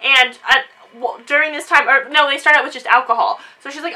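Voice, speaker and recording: A woman chatting casually in a book discussion vlog, animated and quick to act out quotes. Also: high voice, poor audio. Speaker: book reviewer.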